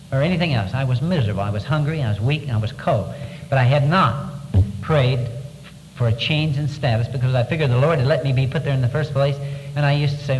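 A man speaks to an audience in a mid-range voice, giving a personal testimony. He tells it in an earnest, halting way, and his voice drops low and quiet on the painful parts. The sound carries a long reverb, as in a large hall, over a faint bed of ambience. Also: a little hiss or hum. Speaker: former prisoner of war giving testimony.

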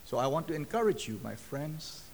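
Lively high-voiced male preacher. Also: normal speed, gravelly, slight background noise. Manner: storytelling, acting out quoted dialogue. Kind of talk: sermon testimony. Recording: long hall reverb.

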